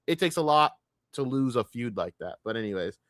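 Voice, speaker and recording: Man, live streamer, profane mocking rant, bright forceful voice, dry close sound. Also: mid-range voice, animated, fairly quick, no room sound.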